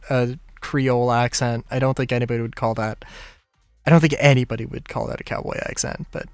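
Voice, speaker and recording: A man's voice: mid-range voice, dry recording, studio quality. A man streaming a game, chatting casually in rambling asides and chuckling as he talks. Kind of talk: casual gameplay commentary.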